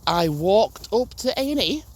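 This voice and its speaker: A man's voice: high voice, big pitch swings, a little slow. A young man, casually telling a story to camera, rambling, restarting and swearing as he goes. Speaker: gaming channel host.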